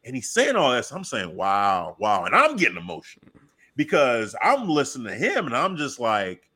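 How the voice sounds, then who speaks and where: Male co-host, mid pitch, lively and animated, acts out his reactions while recapping. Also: normal speed, slightly rough. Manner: excited, animated retelling with acted-out reactions. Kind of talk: casual wrestling podcast chat.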